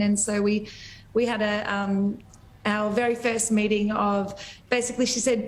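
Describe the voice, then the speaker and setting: Heartfelt Australian woman, slightly high. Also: level tone, a little hiss or hum, low-quality recording. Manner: halting, heartfelt, often restarts sentences. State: emotionally raw. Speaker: guest singer. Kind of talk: emotional TV interview.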